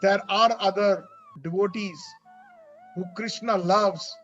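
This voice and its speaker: A man's voice: high-pitched, fairly even intonation, slow, fairly bright tone. A man delivering a devotional story sermon as a religious storyteller, earnest and dramatic. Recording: dull lo-fi with faint music.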